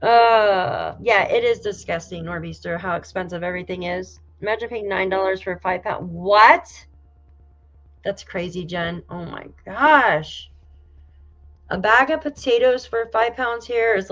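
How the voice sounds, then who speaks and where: Female livestream host from New York State, chatty and exclamatory, middle pitch, slightly dull audio. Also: moderate pace, a bit bright. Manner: chatty and exclaiming, swears casually. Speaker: livestream host reading viewer comments. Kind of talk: casual live chat.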